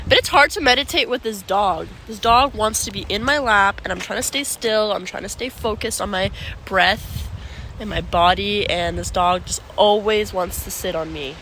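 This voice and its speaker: A woman's voice: mid-range voice, moderate pace, pushed and bright. Woman chatting away in her vlog, playful, talking to her dog, noisy phone audio outside. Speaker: vlogger. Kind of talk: casual vlog narration. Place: outdoors on a seaside cliff.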